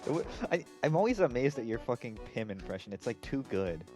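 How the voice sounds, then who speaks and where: A male streamer chatting over a game, joking, swearing and laughing with his friends. His pitch swings animatedly from line to line, and game music plays loudly underneath. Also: very animated. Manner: joking, profane, quick to laugh. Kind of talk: casual let's-play banter.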